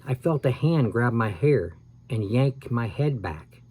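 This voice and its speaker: Male storyteller, mid-pitched voice, expressive read-aloud of a spooky kids' book, small self-corrections. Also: measured pace, a little hiss or hum. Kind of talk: dramatic read-aloud of a scary children's story.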